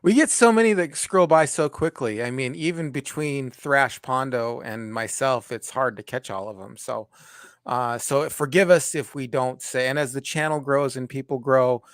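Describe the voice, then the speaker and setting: A man co-hosting a live stream, self-deprecating and quick to answer with short agreeing replies. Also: medium pitch, no echo, studio quality. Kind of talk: casual live-stream chat.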